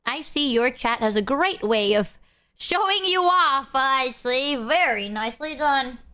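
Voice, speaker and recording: A woman's voice: high voice, lively intonation, unhurried, sharp tone, clean tone. A young woman streamer chatting casually with her viewers, swearing freely and sometimes talking while she eats. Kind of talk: casual live-stream chat.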